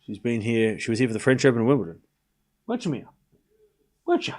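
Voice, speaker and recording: A man hosting a live tennis watchalong stream, calling points quickly, chatting with viewers and groaning out loud when things go wrong. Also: mid-range voice. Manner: excitable, groans and cries out at points. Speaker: stream host.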